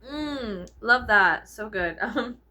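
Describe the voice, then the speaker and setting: A woman's voice: fairly high pitch, lively intonation, slow, sharp tone, a little hiss or hum, low-quality recording. A woman chatting casually and rambling in a vlog from her bedroom, filmed with the camera's own microphone. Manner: chatty, meandering, heavy use of "like", frequent laughs. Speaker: vlogger. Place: her bedroom, under a ceiling fan. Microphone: camera mic, no clip-on microphone.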